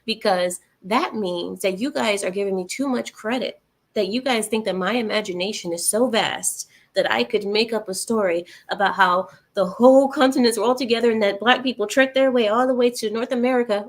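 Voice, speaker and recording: A woman talking casually on a livestream, with a voice of ordinary pitch for a woman. She reads out viewer comments and answers them sarcastically, breaking into laughter now and then. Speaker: livestream host reading chat.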